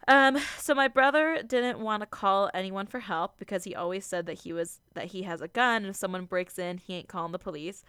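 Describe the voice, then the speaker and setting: A woman's voice: mid-range voice, fairly quick, few pauses, fairly bright tone, smooth, no echo. A young woman co-hosting a casual podcast, reading out a listener's story in a chatty, playful way and swearing freely. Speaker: podcast co-host. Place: Utah.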